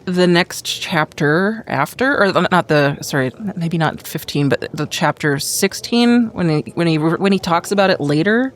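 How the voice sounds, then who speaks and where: A woman co-hosting a podcast in casual chat, making halting, self-deprecating remarks. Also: on the low side, animated. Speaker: podcast co-host.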